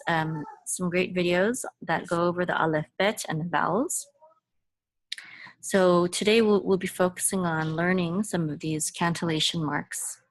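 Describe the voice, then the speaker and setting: A woman teaching Torah chanting in an informal lesson, explaining patiently and breaking into short sung examples. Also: no room sound. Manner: explains slowly, then sings chanted examples higher and louder.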